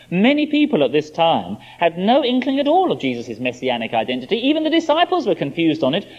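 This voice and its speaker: A man's voice: fairly high pitch, darkish tone. A man preaching a sermon, explaining a scripture passage in an emphatic, expository way. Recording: dull lo-fi sermon recording.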